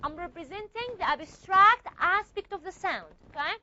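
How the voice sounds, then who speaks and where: High, lively woman lecturing a class. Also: moderate pace, highs cut off, a little hiss or hum. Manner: repeats and models sounds, checks understanding often. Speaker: teacher.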